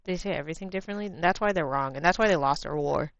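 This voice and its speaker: A low-pitched American woman talks casually to her livestream chat while she draws. She is blunt, swears freely and laughs a lot. Her voice sounds dry and close, with slightly muffled, lo-fi audio. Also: racing, no room sound. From United States. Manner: drifts to quiet murmurs while working.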